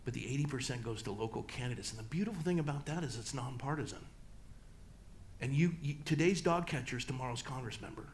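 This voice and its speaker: A middle-aged man, a pastor speaking in a church, talking emphatically and swinging between loud peaks and low, slow passages. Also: animated, slight background noise. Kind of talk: church talk and Q&A answer. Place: church hall.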